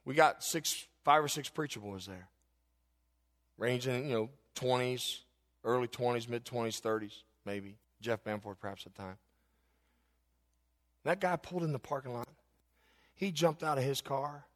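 A man preaching a sermon as a pastor, telling a personal story and building to fervent, shouted exhortation. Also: mid-range voice, normal speed, pauses often, long reverb tail.

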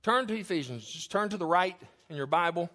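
A man preaching from the pulpit of a church, his voice sitting high for a man. He tells stories with big swings, rising to loud calls and dropping to hushed asides. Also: lively intonation, a little fast. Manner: storytelling, swings from loud to soft. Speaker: pastor. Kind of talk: sermon.

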